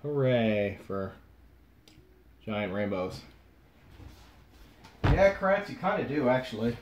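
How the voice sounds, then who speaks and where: A young man casually talking through opening trading card packs on a vlog, frustrated, swinging between low muttering and sudden outbursts. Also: very animated, slow, a little hiss or hum. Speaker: card pack opener.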